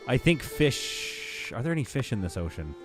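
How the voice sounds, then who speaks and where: A man's voice: medium pitch, big pitch swings, moderate pace, over music. Rambling male streamer thinking aloud. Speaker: gaming streamer. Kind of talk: casual live game commentary.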